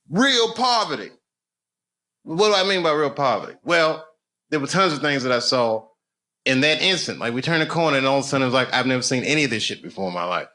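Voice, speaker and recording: A man's voice: mid-range voice, sharp tone. A man telling loose, profane, rambling stories as a stand-up comedian on a comedy club stage. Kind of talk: live stand-up storytelling.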